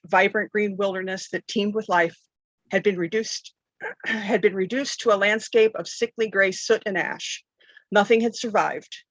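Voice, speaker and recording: A woman game master narrating a tabletop game with dramatic storytelling, often clearing her throat and correcting herself. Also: mid-range voice, a bit bright, dry recording, rough recording.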